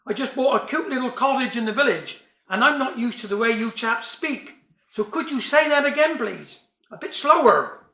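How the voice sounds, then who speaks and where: A man's voice: very high voice, expressive, normal speed, pushed and bright, reverberant, heavily acted. A man voicing a polite, hesitant newcomer from the city.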